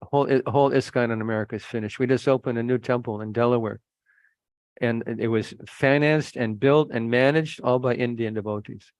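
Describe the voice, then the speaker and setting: A man's voice: mid-range voice, steady tone, a little fast, no echo. A man preaching a sermon, earnest and admonishing, telling stories to make his points. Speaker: preacher, monk. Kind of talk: sermon with anecdotes.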